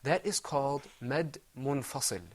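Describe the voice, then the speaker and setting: A man's voice: mid-range voice, measured pace, husky. A middle-aged man teaching Quran recitation in a televised lesson, patiently explaining step by step and chanting Arabic examples.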